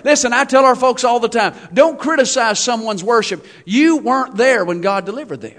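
A man preaching a sermon in a church, folksy and animated, with humorous asides and shouted emphasis. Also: extremely high pitch, normal speed, hardly any pauses.

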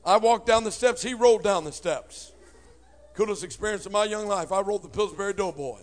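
A man with a high-pitched voice delivers a punchy, comic testimony to a church crowd. He swings from quick storytelling into loud shouted lines. His pitch sits well above most men. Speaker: speaker telling his life story to a church.

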